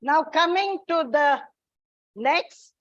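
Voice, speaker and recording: A woman teaches an English exam coaching lesson at a slow, deliberate pace. She spells out letters and repeats the key points. The sound is dry and a little dull and lo-fi. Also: high voice, a bit bright, dry recording.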